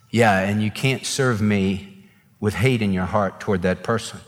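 A man's voice: fairly low pitch, moderate pace. A man preaching a sermon as a pastor, earnest and emphatic, acting out quotes in voices. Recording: long reverb of a large hall.

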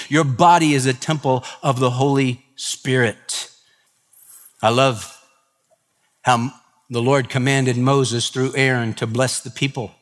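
A man's voice: on the high side, fairly bright tone, big-room sound. A man preaching a sermon as pastor, impassioned, acting out both sides of conversations. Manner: impassioned preaching with acted dialogue.

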